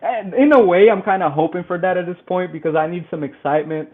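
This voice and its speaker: A man's voice: high voice, fast. A man joining a casual boxing chat as a guest, talking loosely and joking. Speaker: guest on call. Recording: tinny call audio.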